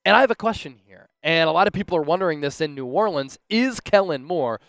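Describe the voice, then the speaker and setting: An upbeat young man hosts a sports news show with keen fan excitement. His voice sits a touch high for a man. The sound is dry and close, with hardly any room. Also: fast talker, gravelly, no room sound. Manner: upbeat, enthusiastic fan talk. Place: on location at a big sports event.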